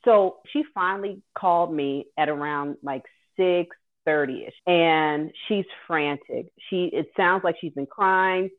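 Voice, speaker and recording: Guest hosting, a woman with a fairly low voice speaks slowly as she tells an earnest, vivid story about her own caregiving. The audio is tinny, as if over a phone.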